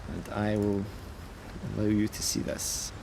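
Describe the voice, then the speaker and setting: A man's voice: fairly low pitch, little pitch movement, a little slow, gravelly, background noise. A man narrating a tabletop horror game as game master, casual and full of fillers.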